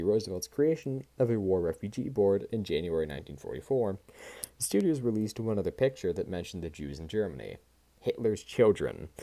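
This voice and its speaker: Deep-voiced male audiobook reader. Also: dark tone. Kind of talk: scripted nonfiction audiobook narration.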